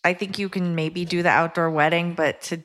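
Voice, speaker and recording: A woman co-hosting a casual advice chat, measured and practical, reading listener letters aloud. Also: on the low side, fairly even intonation, fairly bright tone.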